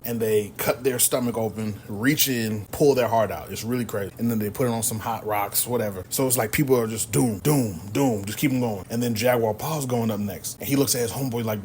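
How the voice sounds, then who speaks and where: A man hosting a podcast, retelling a film's plot in casual, slangy, energetic storytelling. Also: on the low side, a little fast, few pauses, a little hiss or hum. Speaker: podcast host. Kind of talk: casual movie recap.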